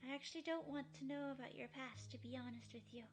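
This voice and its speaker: A woman voicing a small girl who speaks gently and soothingly in a visual novel fan dub. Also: high voice, steady tone, quick pace, lightly acted. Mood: gentle.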